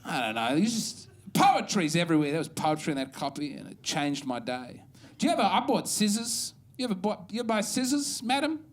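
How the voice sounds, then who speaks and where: A wry Australian man doing stand-up on a club stage, his voice sitting notably high for a man. He wanders through his bits in a meandering, self-mocking way, speaking into a handheld stage mic. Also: very animated, fairly quick. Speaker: stand-up comedian. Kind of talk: stand-up set.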